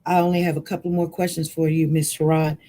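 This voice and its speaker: A man's voice: on the high side, flat delivery, fast talker, warm tone, poor audio. A man acting as an attorney in a mock trial, questioning a witness over a video call with hesitant, filler-laden phrasing.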